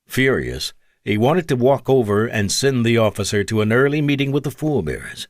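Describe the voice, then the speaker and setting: A man's voice: sing-song, a little fast, dry recording, studio quality. A man narrating an audiobook, shifting his delivery for the characters' lines. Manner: shifts pitch and pace for character dialogue. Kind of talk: scripted narration.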